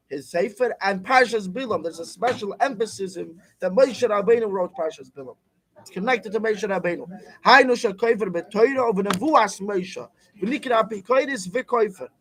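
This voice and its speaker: High-voiced man teaching a Torah class. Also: moderate pace, low-quality recording. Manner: explains text, asks and answers his own questions.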